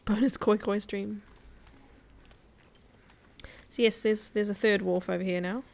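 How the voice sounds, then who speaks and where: A woman's voice: mid-range voice, steady tone, a little slow, vocal fry, a little mellow. A woman chatting casually as a guest streamer while she plays a survival game, laughing often. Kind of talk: casual gameplay commentary.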